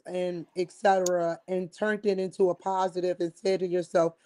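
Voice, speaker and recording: A woman's voice: mid-range voice, steady tone, moderate pace, hardly any pauses, dark tone. A woman hosting an interview over a remote call, asking direct, prompting questions. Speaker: host. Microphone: remote call connection.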